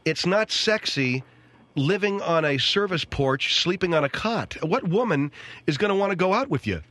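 A man hosting a comedic radio talk show, brisk and wry, with mock-grand announcements. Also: high-pitched, animated, a bit bright.

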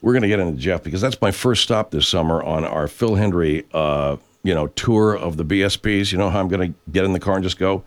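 A man's voice: low-pitched, a little fast, few pauses. An older man hosting a loose live chat show from his home studio. He rambles from one viewer's name to the next, reads their messages aloud and swears freely along the way. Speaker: host.

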